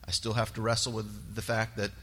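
A man sharing a personal testimony in church, earnest and halting, with many pauses and fillers. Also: fairly low pitch, monotone, sharp tone, husky. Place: church sanctuary. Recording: long reverb of a large hall.

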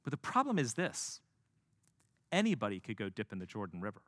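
A male preacher giving a sermon, telling the story with lively swings in pitch and casual asides. His voice is bright and forward. The recording is dry and close. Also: brisk, dry recording. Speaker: pastor.

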